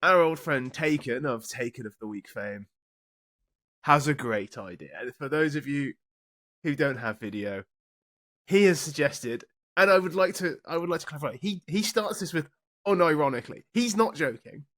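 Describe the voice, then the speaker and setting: A man's voice: on the high side, animated, normal speed, a bit bright. Dry-witted male podcast host. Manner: dry, wry, leads the talk. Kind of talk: casual chat.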